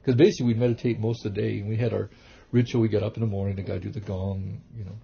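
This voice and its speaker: A man, a kung fu teacher and reverend, telling rambling, animated stories in a casual interview, with many restarts. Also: lowish voice, racing, gravelly, breathy edge. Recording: dull lo-fi recording.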